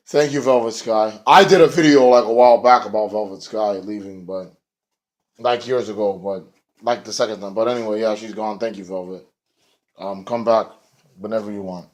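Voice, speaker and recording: A young man reviewing a wrestling show in loose, rambling chat with lots of swearing and fillers. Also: on the low side. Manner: rambling, profane, filler-heavy. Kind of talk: casual chat.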